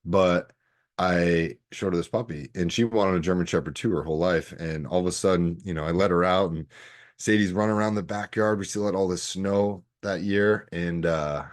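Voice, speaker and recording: A man's voice: deep voice, moderate pace. A man in his thirties hosting a solo podcast, telling stories in a casual, rambling way. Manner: casual, rambling storytelling with fillers. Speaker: podcast host.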